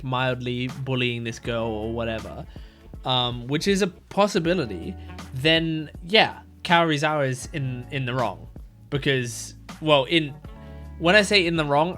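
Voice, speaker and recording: A man's voice: mid-range voice, a bit bright. A young man hosting an anime reaction video, thinking aloud in casual commentary with frequent fillers and restarts.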